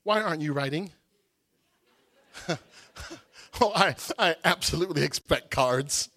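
A male preacher giving an emotional, animated sermon testimony that rises to shouts. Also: on the high side, unhurried, dry recording.

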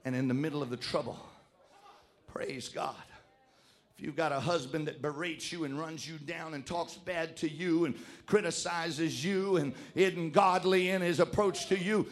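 A man preaching a sermon, emphatic and exhorting, swinging between shouted lines and hushed asides. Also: a little high, fairly even intonation, normal speed.

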